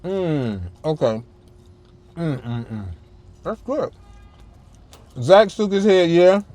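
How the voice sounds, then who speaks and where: A man's voice: a little high, very animated, slow pace, warm tone. Chatty man tasting food in a car. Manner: chatty, talks to viewers while chewing, lots of hums of approval. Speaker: food vlogger host. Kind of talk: casual food-tasting vlog. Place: back seat of a parked car. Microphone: camera-mounted mic, a little far off.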